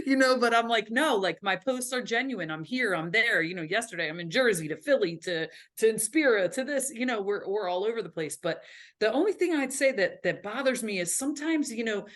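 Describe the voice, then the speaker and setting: A woman's voice: on the high side, expressive, a little fast. A woman guesting on a podcast in a recording studio, talking in a chatty, rambling way and laughing easily. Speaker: podcast guest, business owner. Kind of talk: casual interview chat.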